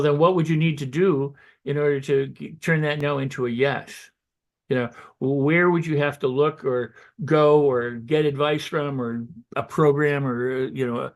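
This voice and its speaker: A man giving motivational self-help advice as a guest, talking loosely and acting out excited self-talk in quick quoted asides. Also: mid-range voice. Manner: loose and conversational, with restarts and "you know". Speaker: guest on a holistic health show.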